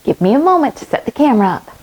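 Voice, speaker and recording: Animated woman reading aloud to children. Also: fairly high pitch, fast, breathy edge, low-quality recording. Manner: animated, asks children questions. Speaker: kids' yoga teacher.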